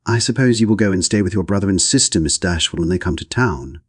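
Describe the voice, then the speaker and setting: A man's voice: low voice, expressive, fast, slightly rough, dry recording, clean studio sound. A man doing a gushing sly young woman. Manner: effusive, pointed emphasis.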